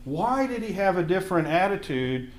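A man teaching a Bible class in a casual, animated way, acting out the voices in his stories. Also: high-pitched, normal speed, roomy sound. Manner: animated storytelling, acts out voices in anecdotes.

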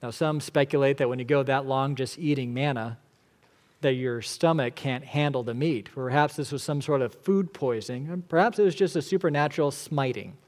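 A pastor delivers an expository sermon with emphasis, alternating between loud declarations and hushed lines. His voice is mid-range and his pace moderate.

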